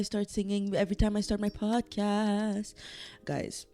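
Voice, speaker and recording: A woman's voice: little pitch movement, a little slow, dark tone. A young woman hosting her own podcast, chatting casually and emotionally, teary from crying, rambling and laughing. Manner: emotional, rambling, laughing, breaks into high squeals. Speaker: podcast host. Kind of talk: casual solo podcast chat. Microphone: camera set-up, seen on video.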